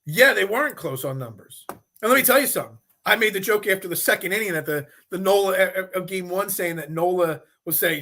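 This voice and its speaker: A man's voice: high-pitched, fairly quick. A man hosting a sports talk show, giving opinionated takes with restarts and repeated phrases. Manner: animated, repeats himself when making a point. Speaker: sports podcast host.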